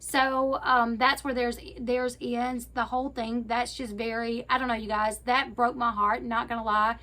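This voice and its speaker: A woman with a high-pitched voice retells a reality show to her viewers in a casual, chatty way. She talks straight to the audience, pads her sentences with fillers and corrects herself as she goes. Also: little pitch movement, normal speed, bright, forceful tone. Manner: chatty, addresses viewers directly; frequent fillers and self-corrections. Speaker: YouTube commentator.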